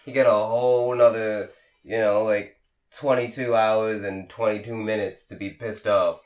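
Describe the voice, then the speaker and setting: A man's voice: fairly low pitch, level tone, moderate pace, a little mellow. A man co-hosting a podcast in casual chat, laid-back, with short reactions and teasing. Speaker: podcast co-host. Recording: echoey room.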